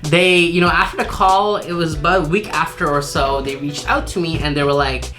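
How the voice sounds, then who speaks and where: A man's voice: on the high side, fairly quick, sharp tone, faint music behind. Upbeat chatty young man vlogging. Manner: upbeat, chatty, boastful, laughs often. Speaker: marketing vlogger. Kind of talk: casual vlog chat.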